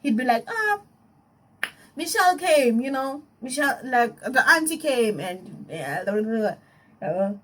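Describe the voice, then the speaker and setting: A young South African woman with a South African accent tells a personal story in a casual vlog, animated and emotional, often laughing as she retells it. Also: a little high, moderate pace, slightly rough, low-quality recording. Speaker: YouTuber.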